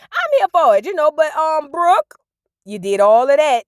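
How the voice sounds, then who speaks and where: A woman's voice: medium pitch, sing-song, brisk, no room sound, clean studio sound. A woman giving casual, sassy reaction commentary, telling the story in slang and acting out the people she quotes. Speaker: reality TV recap host.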